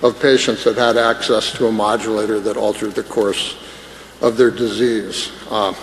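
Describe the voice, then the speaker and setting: A man's voice: on the low side, little pitch movement, normal speed. A man, a scientist, giving an emotional, self-deprecating conference talk with jokes. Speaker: scientist speaker. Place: large conference hall. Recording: echoey hall with faint noise.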